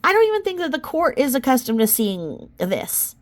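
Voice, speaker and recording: A young woman reading a legal filing aloud, then breaking off into incredulous, animated reactions. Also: high-pitched, normal speed. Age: young adult. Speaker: commentary vlogger.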